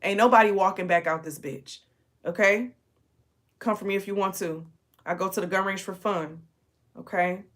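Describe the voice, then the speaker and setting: A woman talks casually late at night, sleepy and chatty. She swears freely, laughs often and calls her listeners y'all. Her voice sits at an ordinary middle pitch for a woman. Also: moderate pace, long pauses, a bit bright. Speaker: spiritual channel host.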